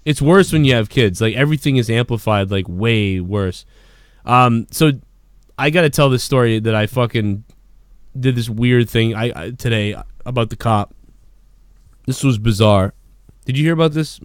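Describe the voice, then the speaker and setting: Podcast host, male, smooth clear voice, dry close sound; excitable, swears freely, rambles through his anecdote. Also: medium pitch, normal speed, no room sound. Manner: profane, rambling, excitable storyteller. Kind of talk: casual storytelling.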